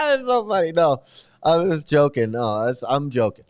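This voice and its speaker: A middle-aged man rambles through casual commentary, repeating himself, cursing and laughing at his own stories. His voice sits high for a man and comes through smooth and clear. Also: expressive, unhurried. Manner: rambling, laughs often, swears, stammers. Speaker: channel host commenting on a cult.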